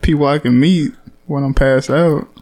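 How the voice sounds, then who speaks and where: A man co-hosting a podcast, easygoing and quick to laugh in casual chat. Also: fairly high pitch, steady tone, a little mellow. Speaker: podcast co-host.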